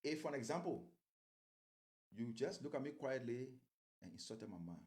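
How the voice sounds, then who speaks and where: A man's voice: mid-range voice, expressive, moderate pace, a little mellow. A man giving political commentary as an interview guest, rambling and repeating words as he grows heated.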